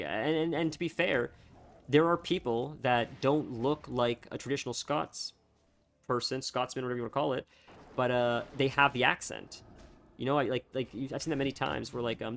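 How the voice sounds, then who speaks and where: A young man chatting casually on a live stream, rambling and halting, full of fillers and restarts. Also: mid-range voice, gravelly, slight background noise.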